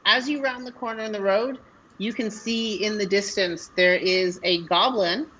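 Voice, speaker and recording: A woman as dungeon master, narrating a tabletop game in a relaxed way with many ums. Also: mid-range voice, moderate pace, over a noisy crowd, low-quality recording. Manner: relaxed, filler-heavy narration.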